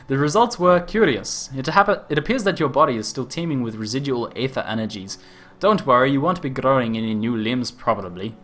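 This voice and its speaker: A man's voice: medium pitch, expressive, fairly quick, a bit bright, soft background music, close to an everyday voice. A man voicing an eccentric, reckless male scientist-inventor in an over-the-top Australian stereotype accent, reading game dialogue with a cackle. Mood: cheery rambling. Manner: exaggerated, cackling quest-text reading.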